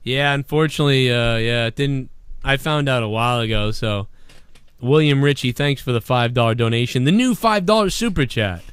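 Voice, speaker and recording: A man hosting a casual livestream show, rambling and swearing a lot, with a hoarse voice. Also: mid-range voice, moderate pace, no room sound. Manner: profane, rambling and animated. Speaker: show host.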